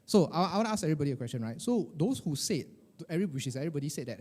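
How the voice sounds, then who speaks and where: A middle-aged man leads a motivational workshop, peppering his talk with "lah" and "eh" and constantly checking in with the audience. His voice sits a little high, with a mellow, soft-edged tone. He sounds animated and conversational rather than scripted. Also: rapid-fire. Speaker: coach for financial advisors.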